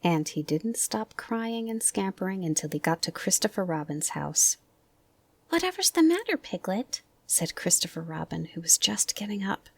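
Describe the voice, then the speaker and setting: A woman reading a children's storybook aloud in a gentle, soft bedtime voice, often close to a whisper. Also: fairly low pitch, moderate pace, vocal fry, hardly any pauses, husky, dry recording. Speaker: audiobook reader.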